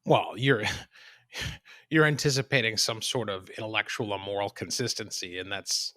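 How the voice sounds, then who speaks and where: A man's voice: on the low side, unhurried, sharp tone. A man hosting a political podcast, making dry, wry remarks in casual chat. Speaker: podcast host.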